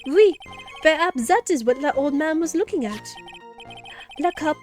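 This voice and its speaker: A woman's voice: high voice, lively intonation, unhurried, darkish tone, faint music behind, voice pushed up. A woman voicing a flamboyant, flirtatious male French chef in an exaggerated fake French accent. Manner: theatrical, sing-song, over the top.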